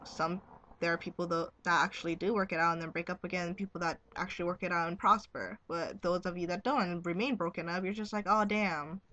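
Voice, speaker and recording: A woman's voice: on the low side, steady tone, fast, a bit bright. A young woman chatting casually to her camera at home, giggly and blunt, swearing freely as she talks. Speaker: vlogger.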